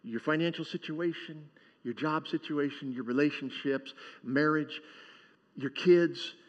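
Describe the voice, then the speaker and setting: A man with a fairly high voice preaches a sermon in a loose, joking style and keeps checking in with the congregation. The sound is dull and muffled. A long reverb rings around his words, as in a large church. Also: a little slow. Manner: conversational and joking, asks the congregation for responses. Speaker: pastor.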